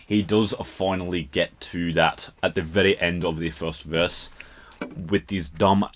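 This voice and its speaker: Deep-voiced Scottish man breaking down a song. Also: fairly even intonation, measured pace, slight background noise. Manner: chatty, breaks off laughing at his own accent. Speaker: podcast host. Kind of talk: casual podcast song breakdown.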